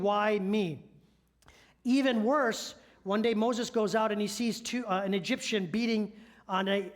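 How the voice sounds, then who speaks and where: A high-pitched man delivers a church sermon as one of the elders. He talks in a conversational, storytelling way and keeps asking the listeners rhetorical questions. He sounds middle-aged.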